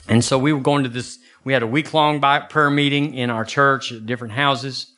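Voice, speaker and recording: A man preaching a sermon as pastor, folksy and animated, jumping into high bursts for emphasis. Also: brisk, hardly any pauses.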